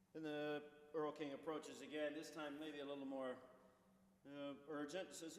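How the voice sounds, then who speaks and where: A baritone singer introducing a song to a concert audience, telling its story with frequent restarts and fillers. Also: male voice, steady tone, moderate pace. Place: church sanctuary. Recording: echoey church from far off, faint hiss.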